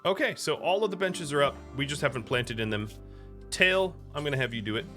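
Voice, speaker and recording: A man's voice: on the high side, animated, fairly quick, a bit bright, faint music behind. An American man from the United States giving casual, chatty commentary while streaming a game, talking to viewers between moves. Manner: chatty, talks to chat and to his pet between game moves.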